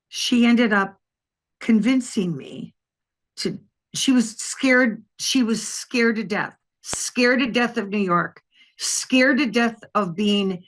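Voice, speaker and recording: Older woman telling a lively story. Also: medium pitch, slow pace. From Wisconsin. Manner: lively anecdotal telling, acts out quoted voices. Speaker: guest, retired detective. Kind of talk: storytelling in an interview.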